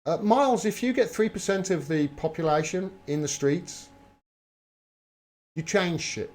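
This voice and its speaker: Male streamer, slightly high pitch, blunt and emphatic, swears freely while reading chat. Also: lively intonation, normal speed, darkish tone. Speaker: livestream host. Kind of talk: live political commentary reading viewer chat.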